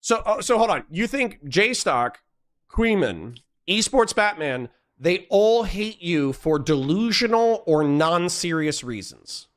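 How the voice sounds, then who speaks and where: A man's voice: high voice, big pitch swings, takes it slowly. A man questioning someone in a confrontational, insistent, pressing manner during a heated argument. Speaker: interviewer.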